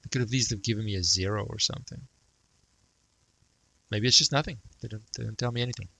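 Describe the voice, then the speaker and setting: A man's voice: fairly low pitch, quick pace, creaky, sharp tone, no room sound, poor audio. A man teaching math, thinking aloud and muttering to himself as he sketches a graph. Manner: self-talk, mutters, jokes about praising himself.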